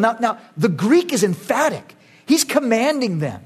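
A middle-aged male pastor with a notably high voice delivers a sermon. He preaches emphatically, pressing his points loudly and then dropping to quiet, earnest asides. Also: big pitch swings, moderate pace, breathy edge. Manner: emphatic, swings between loud urging and quiet earnest asides.

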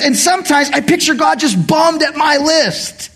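Brief: middle-aged man, sermon voice, high and expressive, bursts of shouting. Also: fairly quick. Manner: animated, swings from quiet asides to shouted emphasis. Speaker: pastor. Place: church.

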